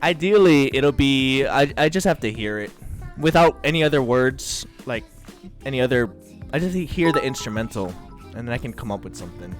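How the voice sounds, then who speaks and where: A man's voice: medium pitch, lively intonation, moderate pace, soft background music. A man in his thirties streaming live, chatting casually, laughing and trying out rap voices.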